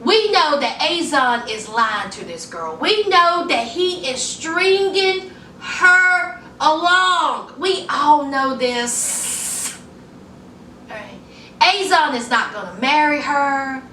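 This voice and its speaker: A woman recaps a reality show in a sassy, chatty vlog, talking straight to her viewers with plenty of y'all and honey. Her voice sits high and bright. She is recorded from a little way off in an echoey room with faint noise behind her. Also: expressive, slow. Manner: acts out quoted people in a higher voice. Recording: echoey room, mic at a distance.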